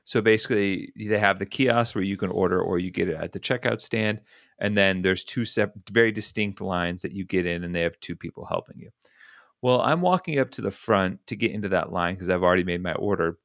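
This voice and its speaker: Dry-voiced man telling an animated story. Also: sits low, a little fast, no room sound. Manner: lively anecdote teller who acts out quoted voices. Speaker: podcast co-host. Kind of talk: animated storytelling in casual chat.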